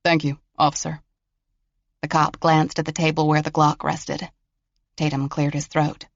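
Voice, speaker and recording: A man narrating a mystery thriller audiobook in a steady, even storytelling way. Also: on the high side, moderate pace, gravelly, no room sound, lo-fi sound. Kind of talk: scripted narration.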